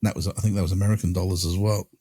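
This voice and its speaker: A man's voice: low voice, steady tone, racing, warm tone, husky, no room sound, clean studio sound. A man hosting a podcast, chatting casually and laughing easily. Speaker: podcast host. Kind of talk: casual chat.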